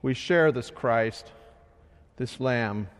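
A man preaching a sermon in a slow, measured way, his voice swelling loud and then sinking soft. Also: medium pitch. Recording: long hall reverb.

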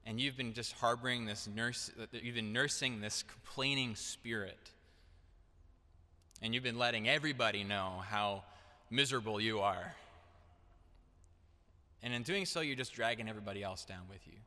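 Young male preacher, earnest sermon delivery, bright tone, long hall reverb. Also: mid-range voice, moderate pace, pauses often. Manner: earnest, direct, building to emphatic declarations. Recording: echoey hall.

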